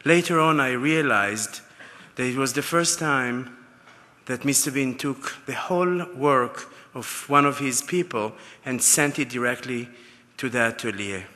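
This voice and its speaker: A man's voice: medium pitch, measured pace, pushed and bright. A man giving an acceptance speech at a gala, telling heartfelt stories. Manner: heartfelt, anecdotal storytelling. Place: large gala ballroom. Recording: long hall reverb.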